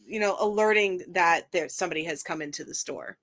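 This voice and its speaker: A woman narrating a tabletop game as game master, describing scenes in a halting way with many pauses and fillers. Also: on the low side, fairly bright tone.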